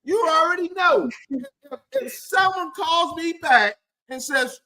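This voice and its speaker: Man, very high voice, jokey host, animated banter, casual interview. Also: takes it slowly. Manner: playful, animated, teasing banter. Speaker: host of a live stream.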